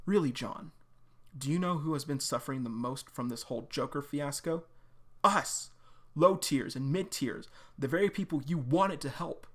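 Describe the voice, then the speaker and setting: A man's voice: on the high side, normal speed, lightly acted. A man voicing a determined young woman in a webcomic read-aloud, pleading earnestly with a friend. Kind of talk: reading a webcomic aloud with voices.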